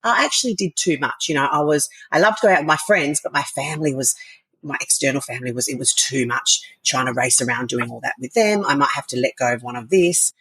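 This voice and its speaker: Husky-voiced woman guest. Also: very deep voice, fast, fairly bright tone, no room sound, low-quality recording. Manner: enthusiastic, rambling, frequent fillers and laughs. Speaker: podcast guest, wellness coach. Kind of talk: casual interview chat.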